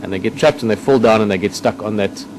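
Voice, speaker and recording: A man's voice: fairly low pitch, fast talker. A man guiding a nature drive, describing what he sees in a thoughtful, hesitant way. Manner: thoughtful, hesitant, explaining as he looks. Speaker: nature guide. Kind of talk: casual on-location nature commentary. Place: outdoors in the bush near a vehicle. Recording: outdoor field recording with background noise.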